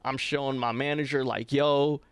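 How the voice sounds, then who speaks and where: A young man, co-hosting a podcast and telling a long personal story in a loose, animated way, often checking in with his co-host. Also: mid-range voice, moderate pace, clear, resonant tone, no echo. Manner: animated, chatty, frequent "right?" asides to his co-host. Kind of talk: casual storytelling chat.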